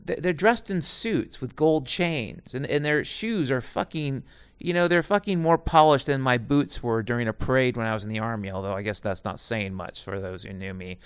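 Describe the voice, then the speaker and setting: A middle-aged man tells his stories in a loose, wandering monologue, swearing freely and often stopping to restart a thought. His voice is smooth and resonant, and it sits at an ordinary pitch for a man. The sound is dry and close, with no room around it. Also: moderate pace, no room sound. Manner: digressive, profane, frequent restarts and asides. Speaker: storyteller recounting past jobs. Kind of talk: casual rambling monologue.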